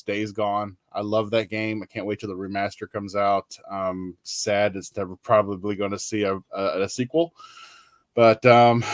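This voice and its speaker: Brief: American man, mid-pitched, dry close mic, rambling casual podcast chat, lots of ums. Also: clear, resonant tone, no echo. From United States. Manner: rambling, halting with many ums. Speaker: podcast co-host.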